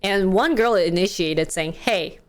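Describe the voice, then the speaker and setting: A woman's voice: medium pitch, very animated, unhurried, faint music behind. A woman hosting a talk show, telling a story casually with lots of fillers and acted-out quotes. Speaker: host.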